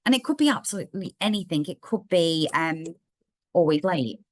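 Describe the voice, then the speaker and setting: A woman with a slightly croaky voice, chatting through a software demo step by step in a live online workshop. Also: fairly low pitch, lively intonation, normal speed, no room sound. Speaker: software trainer.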